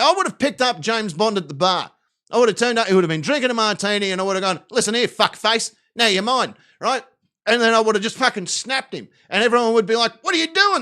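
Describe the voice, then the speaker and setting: A man's voice: sits high, fairly bright tone. An Australian man hosting a live stream, chatting casually and cursing a lot as he rambles through jokes. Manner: profane, rambling, jokey.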